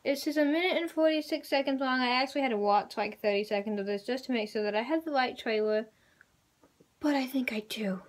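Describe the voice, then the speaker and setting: A young woman vlogging a casual trailer reaction, rambling and excitable with lots of fillers. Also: high voice, quick pace, few pauses, slight background noise.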